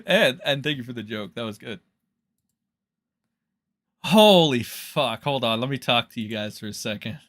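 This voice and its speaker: A man's voice: medium pitch, animated, moderate pace, long pauses, fairly bright tone, no room sound, clean studio sound. Sarcastic, foul-mouthed livestream host man. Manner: sarcastic, profane, loose rambling. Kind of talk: casual livestream reaction.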